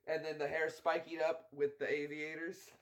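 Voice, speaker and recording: A man's voice: on the high side, little pitch movement, normal speed. A man hosting a let's play, chatting casually and rambling through stories while laughing at himself. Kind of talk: casual chat over gameplay. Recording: loud game music behind.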